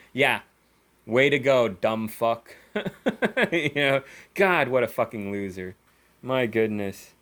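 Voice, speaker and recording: A young man rants in a casual vlog, swearing freely and slipping into sarcasm. His voice sits at an ordinary middle pitch, loose and conversational, with many fillers and restarts. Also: fairly bright tone. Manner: profane, sarcastic ranting with frequent fillers and laughs. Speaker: gaming YouTuber.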